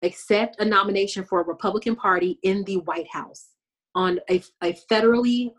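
A woman's voice: mid-range voice, fairly quick. A woman co-hosting a casual chat, recapping a TV episode and acting out lines from it. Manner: animated storytelling, acts out characters' lines. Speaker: podcast co-host.

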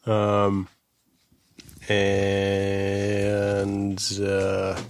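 A man co-hosting a podcast, chatting casually with relaxed, wry storytelling. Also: fairly low pitch, very slow, dry recording. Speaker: podcast co-host. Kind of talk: casual chat.

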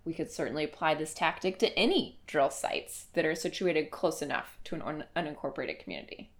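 A woman co-hosting a podcast in casual, upbeat conversation. Her voice sits on the low side and has a gravelly fry to it. She talks warmly and plainly as she makes her points. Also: brisk. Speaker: podcast co-host.

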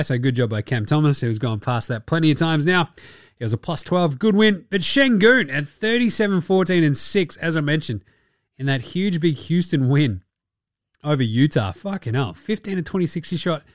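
Lively, sweary Australian podcast host. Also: male voice, fairly high pitch, no echo, clean studio sound. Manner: animated, sweary and mocking. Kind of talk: casual sports podcast rant.

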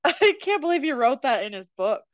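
A woman's voice: high voice, big pitch swings, a little fast, dry recording. A woman hosting a podcast in casual chat, laughing often as she reads passages aloud. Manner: giggly, reads excerpts aloud with frequent laughs. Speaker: podcast host. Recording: dry, dull lo-fi sound.

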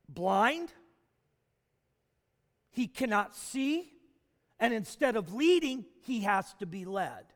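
A man preaching a sermon as a pastor, asking the congregation questions and building to shouts. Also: very high voice. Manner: animated preaching with rhetorical questions, rising to shouts. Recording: long hall reverb.

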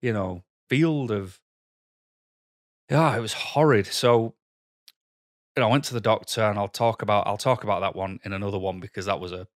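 Man vlogging, lowish voice, dry close sound; candid, halting, worked up. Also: no room sound. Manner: candid, halting, heavy with "you know" fillers; frustrated, heated. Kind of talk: personal storytelling to camera.

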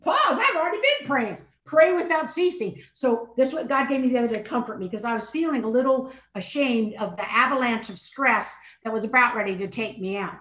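Animated older woman telling a story. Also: a little high. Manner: expressive, acts out her own inner dialogue. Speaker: podcast guest. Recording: echoey room.

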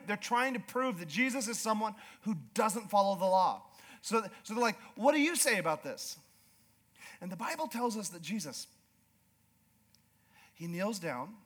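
High-voiced pastor preaching with rising fervor. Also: male voice. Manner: animated, builds from hushed storytelling to loud declaring; repeats words when restarting. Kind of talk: sermon.

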